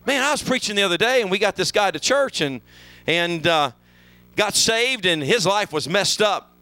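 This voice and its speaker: A high, bright male voice preaching a sermon in a church. He moves from soft, murmured passages to sudden shouted climaxes, and his pitch roams all over. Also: lively intonation, normal speed, poor audio. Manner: fervent preaching, sweeping from hushed lows to shouted highs. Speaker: pastor. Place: church sanctuary.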